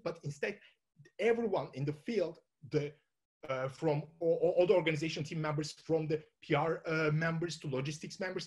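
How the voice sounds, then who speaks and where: A man with a Turkish accent speaks to an audience in a slightly high voice. He thinks out loud as he goes, breaking off and restarting sentences with frequent fillers. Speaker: conference speaker. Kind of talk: informal talk to an audience.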